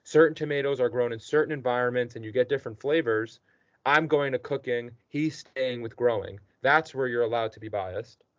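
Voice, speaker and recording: A man's voice: mid-range voice, a little fast, a bit bright, no echo. A man teaching a student one-on-one, patient and encouraging, checking in with the student often. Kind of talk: one-on-one tutoring session. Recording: dull dry lo-fi recording.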